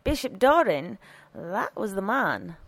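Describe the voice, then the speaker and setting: A woman reading aloud and voicing a fussy, quarrelsome female parish housekeeper in a high, complaining tone. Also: sing-song, slow pace, fairly bright tone, no room sound, full character voice.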